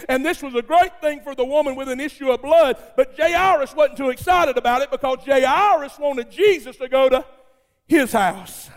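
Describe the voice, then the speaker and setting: A male preacher tells his sermon with dramatic fervor and a colloquial touch. His voice sits very high. A long reverb from a big church hall follows his words. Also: normal speed. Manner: fervent, dramatic storytelling.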